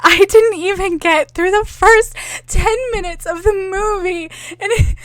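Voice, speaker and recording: A woman hosts a casual podcast chat, her voice high and ranging widely as she tells a story. She swears a lot and speaks with animated energy. The sound is close and dry, with no room around it. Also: no room sound. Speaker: podcast host.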